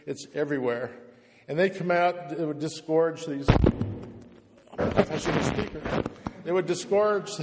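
A man's voice: fairly high pitch, a little mellow, long reverb tail. A man preaching a passionate, emphatic sermon to a room of pastors, hammering points home by repeating words. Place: church, speaking to pastors in the room.

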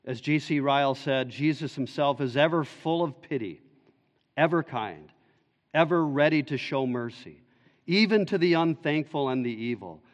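A man's voice: on the high side, animated, moderate pace. A male pastor preaching an expository sermon in an earnest, explaining way. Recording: dull echoey church hall recording.

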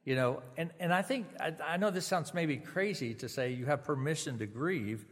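Man preaching a gentle funeral sermon. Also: fairly high pitch, expressive, moderate pace, big-room sound. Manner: gentle, conversational preaching with small restarts. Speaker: pastor. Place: funeral service venue.

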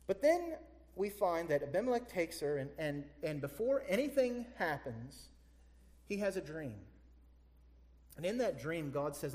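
A man delivers a sermon in a fairly high voice that carries through a reverberant hall. He talks animatedly and keeps throwing questions back at his listeners. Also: unhurried. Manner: animated, rhetorical questions to the congregation. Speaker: preacher. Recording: echoey hall.

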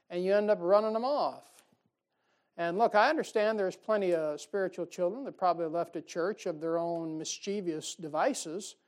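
A man preaching a sermon in a folksy, conversational way, often asking the congregation questions. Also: high-pitched.

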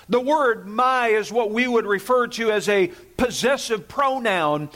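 Slow, high-pitched preaching man. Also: fairly bright tone. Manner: emphatic, repeats key phrases; asks congregation to repeat words. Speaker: pastor. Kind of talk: sermon.

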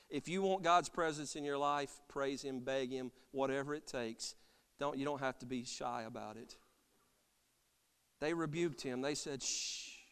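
A man preaching an impassioned sermon as pastor, swinging from loud cries to soft, quiet lines. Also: medium pitch, clear, resonant tone. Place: church sanctuary. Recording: long church reverb.

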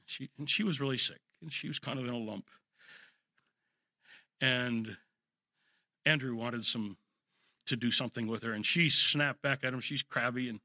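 A man's voice: medium pitch, normal speed, long pauses, bright, forceful tone, no echo, clean studio sound. An older man preaching a sermon, telling family anecdotes and acting out firm commands to children. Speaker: pastor.

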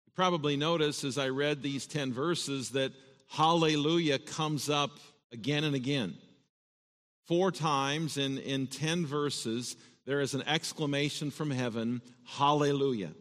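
A man's voice: a little high, a little slow, a bit bright. A man as pastor reading scripture and preaching an earnest sermon, often repeating words as he stresses a point. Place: church sanctuary. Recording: long reverb of a church hall.

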